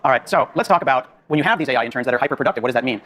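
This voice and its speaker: Fast-talking, excitable tech presenter man. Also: medium pitch. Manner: excitable, joking, enthusiastic. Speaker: conference presenter. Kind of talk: live tech demo talk.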